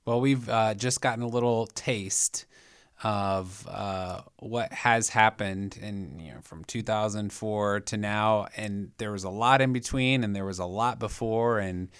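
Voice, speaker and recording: A man hosting a podcast interview, speaking in a measured, reflective way. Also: fairly low pitch, fairly bright tone, clear, resonant tone, no room sound, studio quality. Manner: measured, reflective, thanks the guest. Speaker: podcast host.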